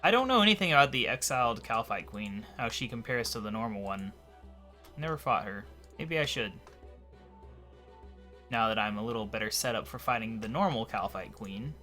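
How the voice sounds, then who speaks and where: A man giving casual, thinking-aloud commentary as he plays a game, his voice a little hoarse. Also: medium pitch, moderate pace, faint music behind. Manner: relaxed, thinking aloud while playing. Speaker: let's play commentator.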